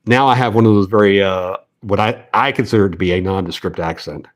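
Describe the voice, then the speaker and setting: A man's voice: deep voice, moderate pace. A man hosting a fishing channel, chatting casually while tying rigs, rambling with lots of fillers and restarts. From American South. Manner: rambling, self-deprecating, many fillers and restarts.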